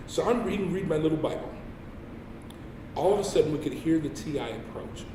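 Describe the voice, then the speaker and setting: Animated man telling a story in a hall. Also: a little high, brisk, recorded from a distance, noisy background. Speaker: guest speaker. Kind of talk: storytelling sermon. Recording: echoey hall with faint ambience.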